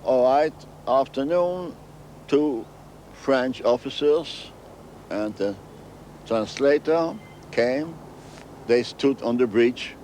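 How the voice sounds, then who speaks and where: Older male interviewee, halting second-language English, repeats himself, faint street noise behind. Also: mid-range voice, a little mellow. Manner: halting, repeats phrases, non-native English grammar. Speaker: interviewee recounting memories. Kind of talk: storytelling interview.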